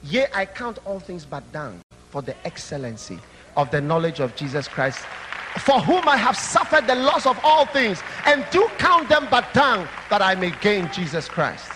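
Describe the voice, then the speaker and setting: A young man preaching an impassioned sermon that rises to shouts. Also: high-pitched, animated, normal speed, slightly rough, in a large hall. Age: young adult.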